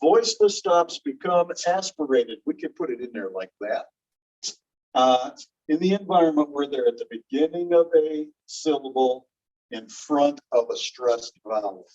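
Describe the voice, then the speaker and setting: A man teaching a linguistics class, explaining slowly and repeating key phrases while checking that students follow. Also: on the high side, lively intonation, a little mellow. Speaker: linguistics instructor. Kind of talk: classroom lecture. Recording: muffled distant classroom recording.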